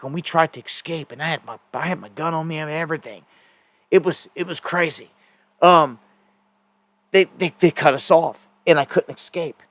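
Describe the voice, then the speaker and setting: Male stream host, casual rambling storyteller, somewhat high voice, dead-dry sound. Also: a bit bright, no echo. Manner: rambling storytelling with fillers and repeated words. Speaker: host of a live news stream. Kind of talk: casual live-stream monologue.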